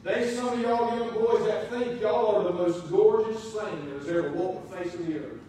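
A male pastor with a high voice delivers a sermon at a moderate pace in a church sanctuary. His preaching is emphatic, swinging between loud and soft. The recording is very echoey and captured from a distance.

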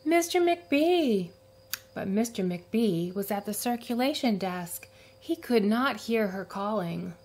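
A woman reading a children's picture book aloud, with gentle narration and voices for the characters. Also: medium pitch, measured pace. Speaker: storyteller.

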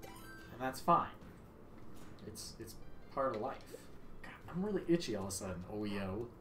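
A young man livestreaming a game, chatting casually with viewers, loud and joking with free swearing. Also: lowish voice, animated, normal speed, over music. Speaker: livestream gamer. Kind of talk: casual stream chat. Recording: echoey room, faint ambience.

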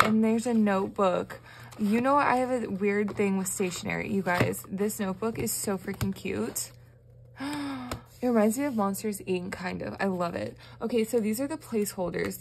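A young woman from the American South chats to her viewers in a casual vlog, gushing and gasping with excitement. Her voice sits at an ordinary middle pitch. A faint hiss of room noise runs underneath. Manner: gushing, excitable, frequent gasps. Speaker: budgeting vlogger.

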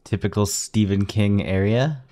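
A man's voice: on the low side, measured pace, crowd noise. A man hosting a casual first-time movie reaction, chatty and thinking aloud as he goes.

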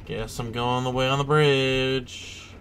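A man riffs through a horror game in casual commentary, excitable and quick to swear. His voice sits in an ordinary middle pitch. Clear background noise runs under the recording. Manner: excitable, swears, breaks into loud panicked outbursts. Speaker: let's play host.

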